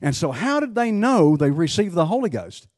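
A man's voice: high-pitched, big pitch swings, moderate pace, a little mellow, no room sound, clean studio sound. A man preaching a sermon, emphatic, asking rhetorical questions and often restarting his sentences.

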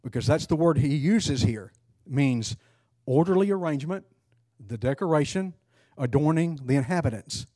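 A man's voice: on the high side, animated, moderate pace, mellow, dry recording, studio quality. A man leading an interactive Bible study, speaking conversationally, asking the class questions and restarting phrases as he goes.

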